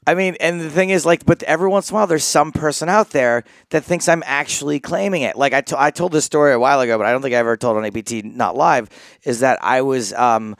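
A man's voice: mid-range voice, fast, no echo. An American man riffing through casual podcast banter, laughing often and drifting into asides. His voice sits in the middle of the male range. The recording is dry and close with no room sound. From United States. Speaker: co-host.

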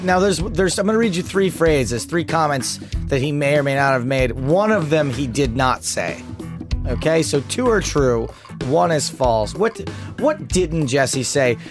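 A male podcast co-host in casual chat, joking and animated, tossing off mocking asides. His voice sits a little high, with faint music running behind him.

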